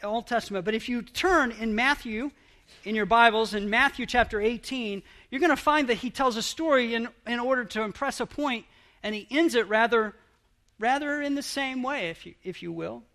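A pastor preaching a sermon in an earnest, halting way, often restarting his phrases. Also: very high-pitched, pushed and bright.

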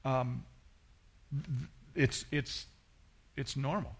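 A man's voice: fairly even intonation, very slow, vocal fry, slightly rough. A middle-aged male pastor preaching a sermon in a conversational storytelling way, acting out the people he quotes. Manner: conversational, acts out quoted voices with rising pitch.

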